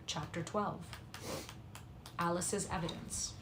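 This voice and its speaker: A woman reading a classic novel aloud on a livestream at a quick pace, with soft, apologetic asides to her viewers. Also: fairly low pitch, steady tone, noisy background. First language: English. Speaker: livestream reader.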